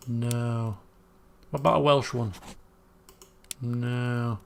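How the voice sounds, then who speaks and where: A man's voice: medium pitch, steady tone, very slow, vocal fry, slight background noise. A man, thinking aloud as he streams a puzzle game, muttering guesses and restarting sentences. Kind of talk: casual gameplay commentary.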